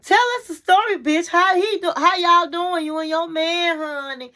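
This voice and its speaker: A woman's voice: very high-pitched, steady tone, normal speed, sharp tone, voice pushed up. A woman acting out sassy girlfriends who push a friend for gossip at a nail salon. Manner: sassy, pushy, calls everyone honey.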